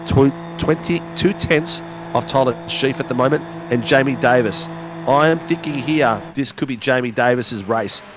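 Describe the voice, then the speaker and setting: A man with a croaky voice, giving rambling, jokey live race commentary. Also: mid-range voice, moderate pace. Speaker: sim racing commentator. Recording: loud race car engine noise behind.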